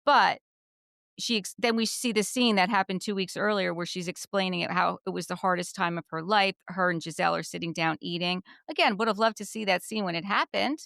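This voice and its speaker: A woman's voice: lowish voice, brisk, vocal fry, fairly bright tone, no echo, studio quality. A woman co-hosting a podcast, chatty and agreeable as she retells scenes from a show. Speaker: podcast co-host. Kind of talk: casual chat.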